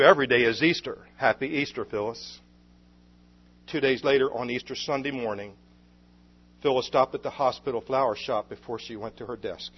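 Earnest male preacher, husky voice, lo-fi sermon recording. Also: mid-range voice. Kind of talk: sermon storytelling.

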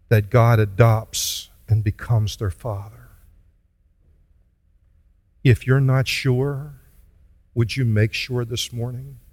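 Slow earnest male pastor preaching. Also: medium pitch, a little mellow, dry recording. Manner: earnest, pleading, slow deliberate delivery. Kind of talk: sermon with closing prayer.

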